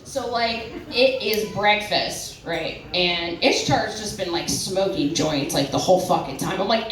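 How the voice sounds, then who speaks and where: Unhurried yet barely pausing, a young woman at medium pitch rambles through a self-deprecating comedy club set filled with "like" and "um." The sound is roomy and picked up from afar, and laughter comes from the audience.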